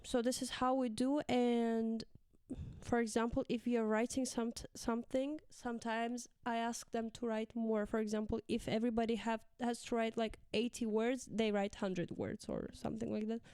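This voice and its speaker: Young woman teacher telling class stories as a guest, crisp voice, dry close sound, higher range. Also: level tone, moderate pace, a little mellow, dry recording. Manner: chatty, acts out quotes of pupils with laughs. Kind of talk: casual conversation.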